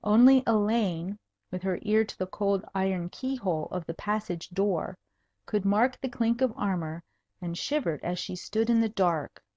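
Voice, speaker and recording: A woman's voice: medium pitch, normal speed, darkish tone, no room sound. Woman narrating a storybook, dull and dry. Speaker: audiobook narrator.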